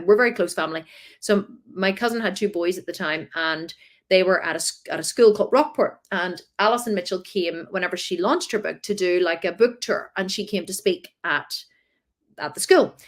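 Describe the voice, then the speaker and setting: A woman, telling a personal story in a chatty, animated way during a masterclass talk. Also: mid-range voice. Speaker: coach.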